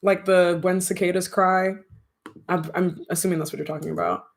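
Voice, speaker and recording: A young adult streamer chatting casually with viewers, rambling, slangy and quick to laugh. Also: medium pitch, little pitch movement. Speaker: streamer and audio creator. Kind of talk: casual livestream chat with viewers.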